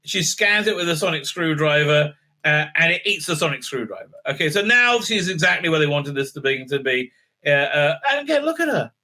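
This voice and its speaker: A man's voice: on the high side, expressive, fairly quick, pushed and bright. A man giving a casual, mocking review commentary, full of filler words and restarts. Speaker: TV show reviewer.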